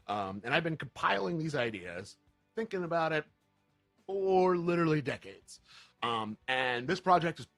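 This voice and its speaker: A man hosting a livestream, talking in an earnest, impassioned way with many fillers and halting restarts. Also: a little high, fairly bright tone, dry recording. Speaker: livestream host. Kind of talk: emotional livestream talk.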